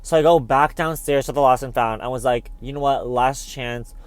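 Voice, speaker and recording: A man's voice: mid-range voice, moderate pace, clear, resonant tone, no room sound. A young man vlogging, telling a dramatic story in a chatty way and calling the listener "babes" often. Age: young adult. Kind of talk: casual storytelling vlog.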